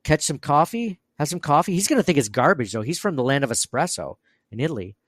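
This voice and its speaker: A man's voice: on the high side, very animated, fast talker, no echo, studio quality. Rambling, laughing male podcast host. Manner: rambling, self-deprecating, laughs a lot. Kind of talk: casual podcast chat.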